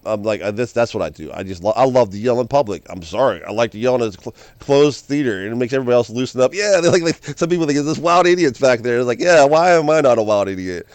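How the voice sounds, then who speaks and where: Excitable rambling man, dry close sound. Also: lowish voice, dry recording. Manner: excitable, repeats and restarts phrases often; calls himself loud, bursts into yells. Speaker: video host. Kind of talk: rambling casual monologue.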